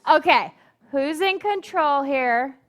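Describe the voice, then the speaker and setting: A woman's voice: sits high, expressive, slow. A woman minister giving a casual talk to her congregation, giggly and playful, laughing between phrases. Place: spiritual center service before a live audience.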